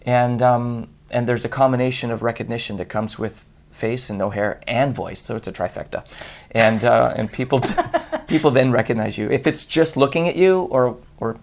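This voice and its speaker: A hoarse man telling a lively anecdote in casual chat, acting out the other voices and laughing often. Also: medium pitch, moderate pace, a little hiss or hum. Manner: animated storyteller who acts out voices and laughs often. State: hoarse voice after a long week. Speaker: guest on a radio chat show.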